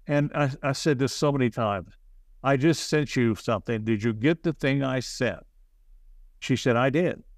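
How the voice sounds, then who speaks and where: A man as an interview guest, telling stories in a rambling, halting way with self-deprecating asides. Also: mid-range voice, no room sound. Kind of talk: casual storytelling.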